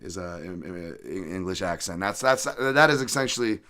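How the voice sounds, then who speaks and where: A man's voice: low-pitched, lively intonation, normal speed, sharp tone. A man hosting a podcast, talking in a rambling, profane, self-deprecating way. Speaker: podcast host. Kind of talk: casual podcast monologue.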